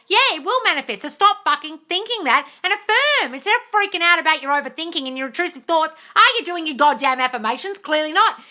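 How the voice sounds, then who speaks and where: A woman's voice: high-pitched, bright, forceful tone. A woman on a casual live stream, reading viewer comments and answering them in a blunt, exasperated manner with a lot of swearing. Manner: reads viewer comments aloud.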